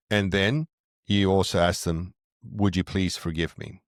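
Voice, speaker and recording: Podcast guest: middle-aged man, very low voice, earnest and reflective, dry close sound. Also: brisk, no room sound. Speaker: podcast guest, parenting author. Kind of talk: conversational interview, explaining.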